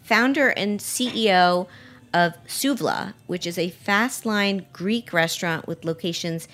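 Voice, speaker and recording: A woman's voice: on the low side, a little slow, a bit bright. A woman hosting a podcast, chatting casually, with lots of restarts and easy laughs. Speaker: podcast host. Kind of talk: casual interview chat.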